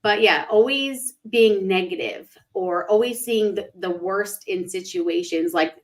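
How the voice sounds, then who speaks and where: A woman's voice: medium pitch, unhurried, few pauses, poor audio. A young woman, a spiritual life coach, hosting a casual livestream chat and acting out quoted thoughts in a raised voice.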